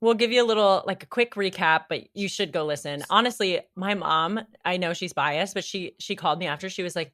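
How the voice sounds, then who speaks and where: A young woman co-hosting a podcast, talking in an excitable, lively casual way. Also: lowish voice, a little fast, few pauses. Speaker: podcast co-host. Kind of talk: casual chat.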